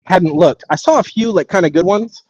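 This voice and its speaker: A man's voice: sits high, brisk, a little mellow, no echo, highs cut off. A man answering questions in a casual livestream AMA, rambling through gaming stories with many restarts. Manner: rambling gamer talk with restarts. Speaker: lead tech engineer.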